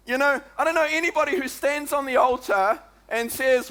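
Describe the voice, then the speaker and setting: A man with a New Zealand accent preaching a sermon as pastor, in a chatty, lively way that keeps calling out "come on" and "eh?" to the congregation. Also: very high voice, moderate pace, hardly any pauses.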